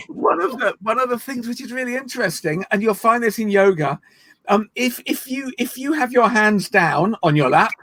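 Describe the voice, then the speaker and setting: A man leading an online laughter yoga session, playful and encouraging, breaking into laughs and shouts. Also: very high voice, lively intonation, normal speed. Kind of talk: guided online laughter exercise. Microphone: video call.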